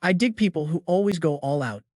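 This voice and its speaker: A man's voice: fairly high pitch, animated, a little fast, a little mellow, no room sound, clean studio sound. A man doing a cool, blunt young guy. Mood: calm. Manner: matter-of-fact, unbothered. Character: calm, blunt young man who hands out compliments.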